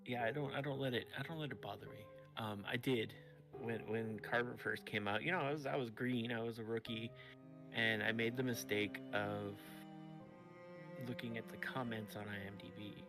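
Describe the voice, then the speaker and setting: A man's voice: mid-range voice, steady tone, moderate pace. A male voice actor chatting as a guest, easygoing and agreeable, with plenty of fillers. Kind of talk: casual video chat. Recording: voice with music playing behind. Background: music.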